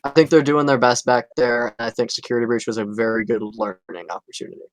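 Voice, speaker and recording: Male podcast co-host, easygoing chat, frequent laughs, average pitch. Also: fast, no echo, rough recording. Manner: laughs often, trails off and restarts. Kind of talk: casual chat.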